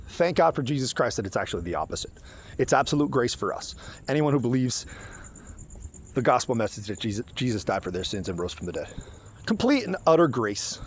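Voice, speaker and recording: Animated, sarcastic male commentator. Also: medium pitch, slight background noise. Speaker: online commentator. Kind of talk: casual commentary vlog.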